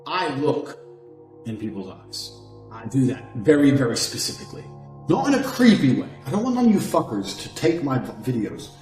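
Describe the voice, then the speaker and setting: A man in his thirties giving a brash, profane monologue, boasting and swinging from loud outbursts down to low mutters. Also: very animated, normal speed. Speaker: self-improvement speaker. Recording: echoey room with faint music.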